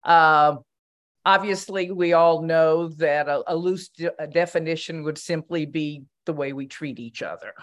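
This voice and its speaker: A woman's voice: deep voice, unhurried. An older woman, a commission member, giving a spoken reflection at a meeting in a conversational storytelling way, with fillers and restarts.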